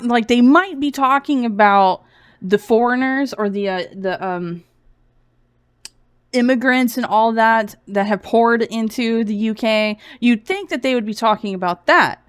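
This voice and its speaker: A woman's voice: fairly high pitch, smooth, dry recording. Young woman streamer, sarcastic and giggly, kinda feverish, dry close sound. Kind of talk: casual sarcastic commentary stream.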